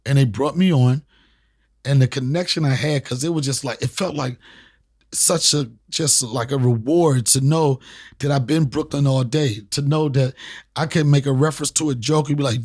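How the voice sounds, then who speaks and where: Animated, profane comedian with a raised voice. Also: male voice, on the high side, normal speed, husky. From Washington, D.C. area. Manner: animated, profane, emphatic, repeats phrases for punch. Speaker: comedian and podcast host. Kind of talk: casual storytelling in an interview.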